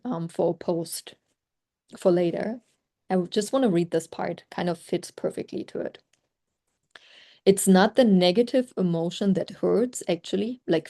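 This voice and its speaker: A woman with a lowish, mellow voice, talking through a video call. She coaches a group in a chatty, reflective way, full of "like" fillers. Her first language is German. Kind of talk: casual group call talk.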